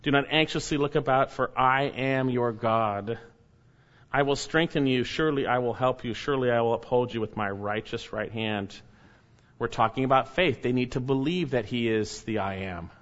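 A man preaching a sermon, reading scripture aloud, and urging his listeners earnestly, at times lifting his voice in emphasis and at times dropping it soft and low. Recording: slightly dull, lo-fi recording.

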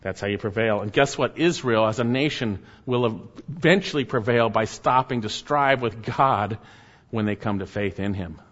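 Guy preaching, asks questions and repeats himself, swings loud and soft, big echoey hall. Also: moderate pace. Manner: repeats key phrases, rhetorical questions, rises and drops sharply in pitch and volume. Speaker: pastor. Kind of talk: sermon. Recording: dull sound in a hall with long echo.

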